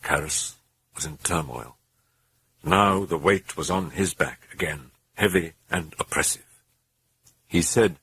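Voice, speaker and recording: A man giving a grave, measured dramatic audiobook narration. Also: extremely low pitch, pushed and bright, husky.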